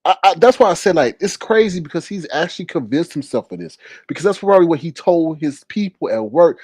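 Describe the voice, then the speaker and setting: A man's voice: on the high side, expressive, fairly quick, hardly any pauses, a little mellow, breathy edge, no room sound, studio quality. A man hosting a casual livestream, ranting with exasperation, often sighing and talking straight to his viewers. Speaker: livestream commentary host.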